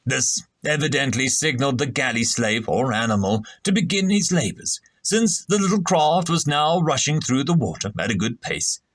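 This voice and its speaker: An animated man narrating a story. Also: mid-range voice, normal speed, few pauses, no room sound. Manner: animated, expressive reading.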